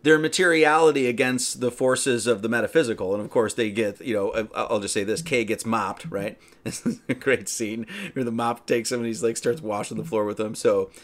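A man's voice: medium pitch, steady tone, fairly quick, fairly bright tone. Casting: male host, casual film commentary, rambling, acts out the characters as he goes. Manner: rambling, keeps asking right?.

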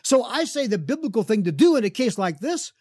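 A man's voice: very high-pitched, big pitch swings, brisk, a little mellow, dry recording, clean studio sound. A man hosting a radio show as a pastor, giving an opinionated commentary monologue with frequent fillers and chuckles.

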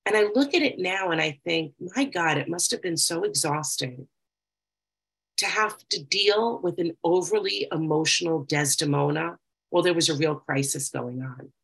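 A woman speaking reflectively about her own experience, reading passages aloud slowly and then talking freely. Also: low voice, gravelly, a bit bright, husky, rough recording. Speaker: speaker sharing recovery experience. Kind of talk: personal talk with reading aloud.

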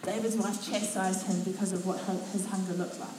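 A New woman preaching to her church, retelling Bible stories with animated, dramatic flair. Her voice is mellow and warm. She sounds far from the mic, with heavy echo filling the hall and faint noise behind her. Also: medium pitch, brisk. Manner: expressive storytelling, acts out quotes. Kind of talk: sermon. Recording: very echoey church from a distance.

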